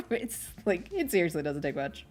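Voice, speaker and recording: A woman's voice: lowish voice, darkish tone. A young adult woman who is a streamer, chatting casually and rambling while she crochets, often poking fun at herself. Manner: rambling, chatty, self-deprecating.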